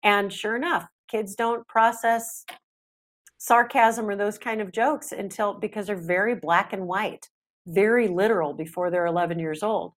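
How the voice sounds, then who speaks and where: Podcast guest: middle-aged woman, chatty and animated, mid-pitched voice. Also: moderate pace. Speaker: parenting expert guest. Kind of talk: podcast interview.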